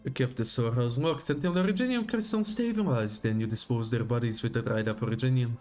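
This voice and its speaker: A man voicing a stern, grim woman investigator who speaks low, slow and menacing, read aloud from a game story on a livestream. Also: darkish tone, natural voice. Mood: accusing.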